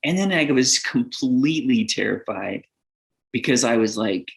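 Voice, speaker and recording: Middle-aged man, podcast guest, earnest and rambling, quick to laugh. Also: mid-range voice, expressive, vocal fry. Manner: rambling, earnest, lots of fillers; laughs often while talking. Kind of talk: casual podcast conversation.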